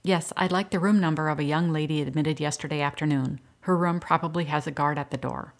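A woman's voice: low voice, steady tone, a little fast. A woman voicing a direct female investigator. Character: determined female investigator, former sheriff.

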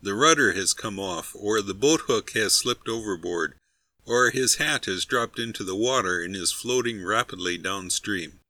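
A man narrating a humorous story in a steady, wry reading voice. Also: on the low side, normal speed, no echo.

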